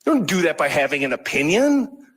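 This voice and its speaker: A man's voice: fairly high pitch, very animated, a little fast, a bit bright, rough recording. A man from Wisconsin giving an impassioned speech at an award event, earnest and emphatic.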